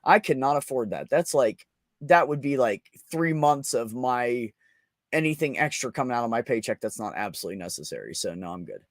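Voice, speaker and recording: A man's voice: medium pitch, expressive, a little fast, dry recording, studio quality. A young man hosting a casual livestream, crude and joking, laughing often as he reads chat. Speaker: livestream host.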